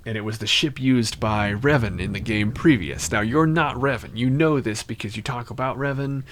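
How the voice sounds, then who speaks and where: A man's voice: mid-range voice, moderate pace, fairly bright tone, a little hiss or hum. A young man hosting casual game commentary, chatty and rambling, who often jumps into mock voices. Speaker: gaming channel host.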